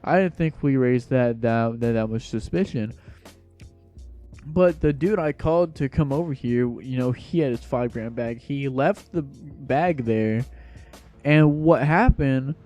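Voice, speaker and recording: A man's voice: mid-range voice, unhurried, darkish tone, faint music behind. A young man casually telling a storytime tale in a slangy, rambling, laid-back way.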